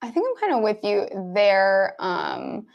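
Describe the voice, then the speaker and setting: A woman's voice: medium pitch, huge pitch swings, unhurried, gravelly, highs cut off. Female co-host, casual sports chat, mid-range voice, loose and rambling. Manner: chatty, rambling, lots of fillers like "like". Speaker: sports betting podcast co-host.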